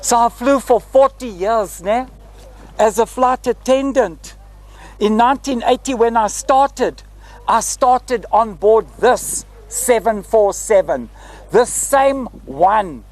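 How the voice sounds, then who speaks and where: A South African man in his sixties, a retired flight attendant guiding a group through a parked airliner in a lively, theatrical way, tagging his lines with "eh?". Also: very high voice, takes it slowly, poor audio. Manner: lively, theatrical, tag questions like "eh?". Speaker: tour guide. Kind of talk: guided tour talk to a group. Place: inside a parked airliner cabin.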